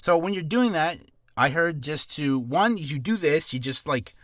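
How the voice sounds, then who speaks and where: Casting note: nervous, quick-talking man, voice swinging high and low, close dry sound. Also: lively intonation, a bit bright, no room sound. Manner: rambling, self-deprecating, quick-talking. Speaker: aspiring voice actor giving warm-up tips. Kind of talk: casual vlog tutorial. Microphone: camera on a stand.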